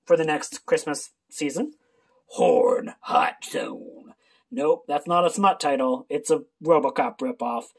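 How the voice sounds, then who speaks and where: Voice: medium pitch, moderate pace, few pauses, slightly rough. A booktuber running through a book list in a casual, sarcastic, irreverent ramble with mild swearing. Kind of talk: casual book haul video.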